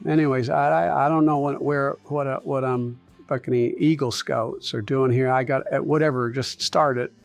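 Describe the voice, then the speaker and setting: A man doing a gravelly, rambling old politician. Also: medium pitch, fairly even intonation, normal speed, hardly any pauses, soft background music, close to an everyday voice. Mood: confused rambling. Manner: mumbling, meandering, swearing.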